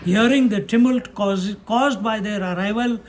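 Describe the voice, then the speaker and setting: A man's voice: sits high, unhurried. A man giving a spiritual discourse on scripture, acting out the dialogue with a chuckle and chanting verses. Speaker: spiritual teacher.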